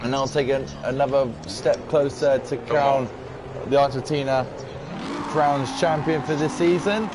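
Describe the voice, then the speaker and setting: A man with a sore throat giving excitable sim racing commentary as host. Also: mid-range voice, background noise. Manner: excitable, quick to exclaim. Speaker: race commentator.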